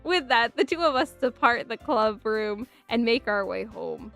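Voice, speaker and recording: Woman streamer playing a game, kinda high voice, giggly and chatty, reads the text out loud. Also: expressive, unhurried, soft background music. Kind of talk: casual let's-play commentary.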